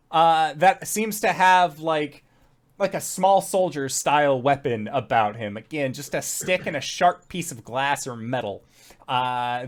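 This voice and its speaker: Male game master, unhurried, rambling narration with fillers. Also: mid-range voice. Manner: loose, full of fillers.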